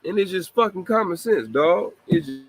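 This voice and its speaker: A man's voice: sits high, sing-song, moderate pace, creaky, slightly rough, no room sound, low-quality recording. A man hosting a podcast, ranting bluntly in casual talk, swearing heavily and often breaking into laughter. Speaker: podcast host. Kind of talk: casual profane commentary.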